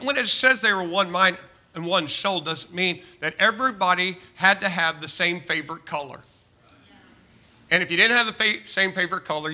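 A pastor with a high, sharp voice preaches to a large church, emphatic and joking as he fires off rhetorical questions.

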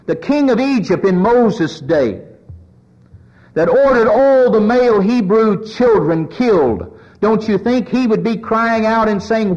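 A man preaching a sermon, his pitch rising as he voices the cries of sinners. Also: expressive, unhurried, darkish tone, highs cut off.

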